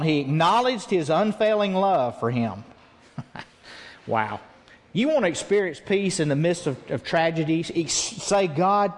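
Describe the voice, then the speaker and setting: A man's voice: fairly high pitch, big-room sound. A man preaching a sermon as pastor, speaking earnestly and acting out his own prayers in the telling.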